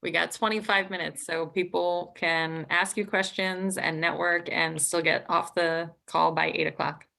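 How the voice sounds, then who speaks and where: Woman hosting a zoom meetup, gravelly and bright, friendly and teasy. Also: on the low side, steady tone. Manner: friendly, teasing, quick. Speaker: meetup host. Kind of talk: hosting a networking call. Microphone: video call.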